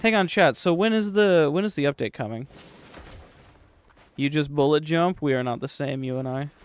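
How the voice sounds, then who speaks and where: A young man hosts a live game stream, answering chat in a loose, rambling way that is full of swearing and dry sarcasm. His voice sits a bit high for a man and comes through smooth and clear. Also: normal speed.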